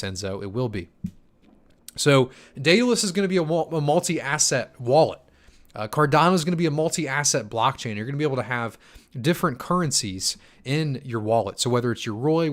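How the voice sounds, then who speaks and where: Tired young man chatting on a livestream. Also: mid-range voice. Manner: loose and chatty, many fillers and restarts. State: tired from poor sleep. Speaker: crypto channel host answering chat. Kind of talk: casual live-stream Q&A.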